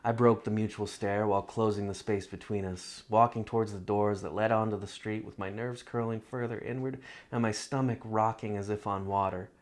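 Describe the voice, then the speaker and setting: A man reading his own literary love story aloud in a measured, reflective first-person narration. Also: on the low side, steady tone.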